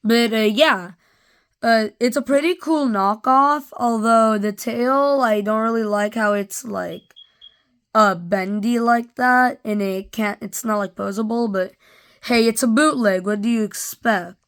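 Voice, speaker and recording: Woman toy reviewer, offhand rambling delivery, a touch high-pitched. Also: unhurried, fairly bright tone, smooth. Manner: rambling, filler-heavy, offhand. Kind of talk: casual product review vlog.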